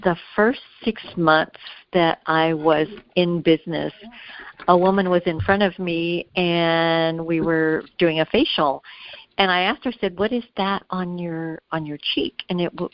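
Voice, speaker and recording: A woman guest telling lively stories about her skincare work in a casual interview, acting out what people said. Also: on the low side, unhurried, highs cut off. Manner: animated, acts out quoted voices.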